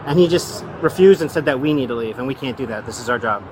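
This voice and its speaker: Calm police officer on noisy bodycam. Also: male voice, mid-range voice, fast talker. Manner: calm, matter-of-fact, explaining procedure. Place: outdoors at an airport.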